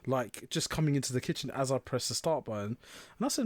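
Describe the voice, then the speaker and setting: A young man co-hosting a podcast, telling stories in a lively casual way, swearing and calling his friend "mate". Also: mid-range voice, fast. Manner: animated storyteller, swears, says "mate". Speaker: podcast co-host. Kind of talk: casual chat.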